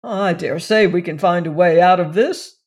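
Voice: medium pitch, normal speed, a little mellow, close to an everyday voice. A narrator voicing a testy, sly older uncle who enjoys taking charge of the family. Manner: testy, self-satisfied.

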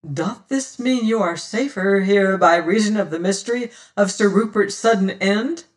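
A man's voice: high-pitched, normal speed, far from the mic, natural voice. A man voicing a bluff, hearty old sailor. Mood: troubled. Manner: bluff seafaring speech, loud calls.

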